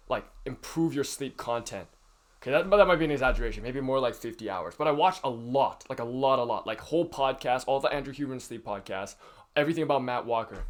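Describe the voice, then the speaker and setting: A teenage boy in high school talking straight to camera in a casual advice vlog, rambling with lots of fillers and frank swearing. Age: teens. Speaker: youtuber.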